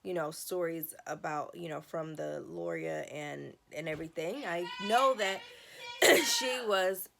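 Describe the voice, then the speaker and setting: A woman's voice: sits low, measured pace, creaky, noisy background. A woman vlogger telling a personal story in a casual, emotional, rambling way, often restarting her sentences.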